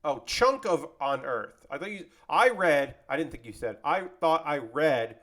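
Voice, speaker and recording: A man's voice: a little high, a little slow. A man chatting casually with his live-stream audience while building a model kit, rambling and joking as he goes. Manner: rambling, animated, jokey, talks to chat.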